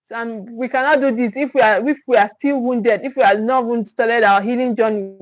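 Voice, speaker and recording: A woman's voice: on the high side, fairly even intonation, fairly quick, dry recording, low-quality recording. A woman, a parenting coach teaching on a livestream, stressing and repeating her key points and checking in with viewers. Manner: emphatic, repeats key phrases; speaks directly to the viewers, with check-ins.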